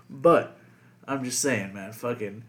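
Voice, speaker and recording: A man's voice: mid-range voice, slow pace. A man co-hosting a casual podcast chat, rambling with lots of fillers and constant swearing. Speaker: podcast co-host.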